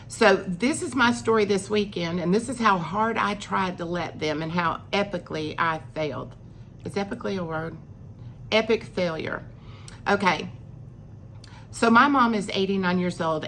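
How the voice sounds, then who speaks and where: A woman's voice: lowish voice, slight background noise. A middle-aged woman, telling a personal story in a chatty vlog, acting out what people said. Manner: chatty, acts out quoted lines with rising emphasis. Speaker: vlogger.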